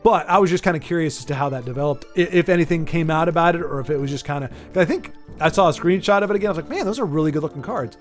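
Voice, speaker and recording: A man's voice: a little high, racing, few pauses, faint music behind. A man streaming a game who rambles and jokes while greeting viewers by name in a casual chat. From United States. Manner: rambling and jokey, talking straight to viewers by name. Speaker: livestreamer talking to chat.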